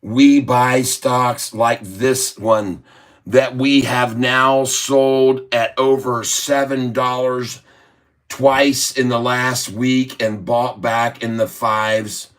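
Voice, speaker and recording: Slow, drawling jokey man. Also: mid-range voice, steady tone, fairly bright tone. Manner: drawling and jokey, chuckling between remarks; slow, drawn-out delivery when explaining trades. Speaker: stock trading livestream host. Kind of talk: casual livestream chat, reading viewer comments.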